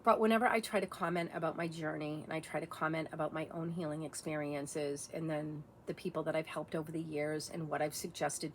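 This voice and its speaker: A woman's voice: sits low, a little hiss or hum. A middle-aged woman vlogger talking in a blunt, profane, impassioned monologue rant.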